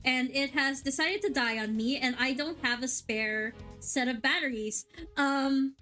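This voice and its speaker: Excitable high-voiced woman streamer. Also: normal speed, soft background music. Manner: excitable and chatty, swears. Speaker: VTuber streamer. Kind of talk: casual game livestream chat.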